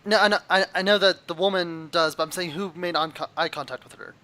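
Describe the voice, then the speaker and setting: A man playing a tabletop game online who talks quickly and trails off into mumbles. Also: high-pitched, steady tone, sharp tone. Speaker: player. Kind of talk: casual game chat.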